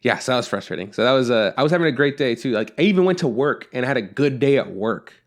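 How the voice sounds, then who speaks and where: A man's voice: medium pitch, animated, quick pace. A man co-hosting a podcast, telling a story in casual chat, acting out both sides of a phone call and swearing often. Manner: frequent swearing, exasperated. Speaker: podcast co-host.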